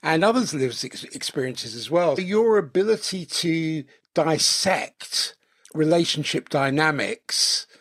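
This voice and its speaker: A man hosting a podcast interview, speaking in measured, flowery phrases. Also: fairly high pitch, animated, fairly bright tone, husky. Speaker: podcast host.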